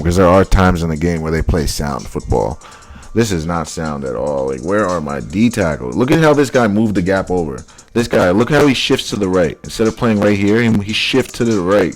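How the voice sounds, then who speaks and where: A man breaking down football highlights in casual commentary, blunt and exasperated, repeating his points. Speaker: football film analyst.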